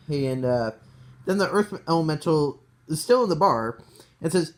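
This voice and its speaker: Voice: mid-range voice, animated, moderate pace. Rambling player retelling a game session. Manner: rambling, full of "like" and "uh", laughs between bits.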